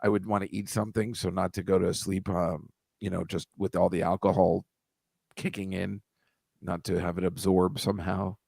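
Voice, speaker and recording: A man's voice: low-pitched, little pitch movement, normal speed, creaky, darkish tone, no echo. A man co-hosting a podcast in casual chat, rambling and musing aloud and laughing easily. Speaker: podcast co-host.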